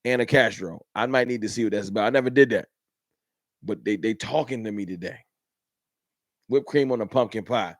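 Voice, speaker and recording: A man's voice: on the low side, a little fast, long pauses, dry recording, studio quality. A man hosting a casual livestream, chatting in a laid-back way and reading out and answering viewer comments. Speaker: livestream host.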